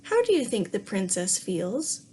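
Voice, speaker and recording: A woman teacher reading a fairy tale to young children in a gentle way, pausing to ask the class questions. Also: mid-range voice, big pitch swings, a little hiss or hum. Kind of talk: read-aloud lesson for young children.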